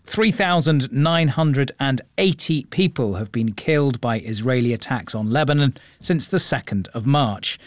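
A male radio news presenter speaks in a measured, clear way. His voice sits at a middling pitch. The studio sound is completely dry, with no room echo. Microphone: studio microphone.

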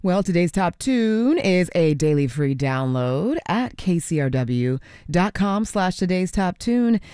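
A woman's voice: on the low side, big pitch swings, measured pace, dark tone, clean tone, no room sound, studio quality. A woman radio host chatting through a pledge drive and introducing music in a friendly, conversational way. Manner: friendly, self-correcting, conversational. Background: faint music.

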